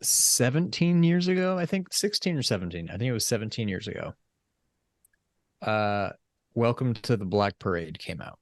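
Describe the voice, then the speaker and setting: A man co-hosting a gaming podcast, telling stories in an easygoing, animated way. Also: fairly low pitch, moderate pace, dry recording. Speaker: podcast co-host. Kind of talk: casual chat.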